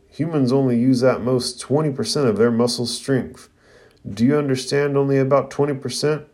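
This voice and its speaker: A man's voice: mid-range voice, a little mellow, lightly acted. A man voicing a stern adult male ninja teacher who lectures at length, as read in a show review.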